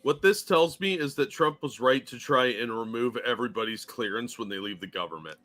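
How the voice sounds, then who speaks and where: A male co-host who answers with short, dry, blunt remarks. His voice has a bright, sharp edge. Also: medium pitch, brisk. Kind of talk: casual political commentary chat.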